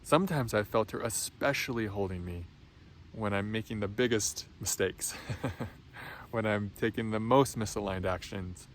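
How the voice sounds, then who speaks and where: Soft-spoken man, low, gentle spiritual talk. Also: slight background noise. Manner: soft, slow, reassuring, with many ums and restarts. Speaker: spiritual teacher.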